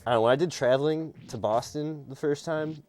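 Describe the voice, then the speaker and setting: A man hosting a live stream, chatting casually and teasing his co-host in an animated, joking way. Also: fairly high pitch, fairly quick, faint music behind.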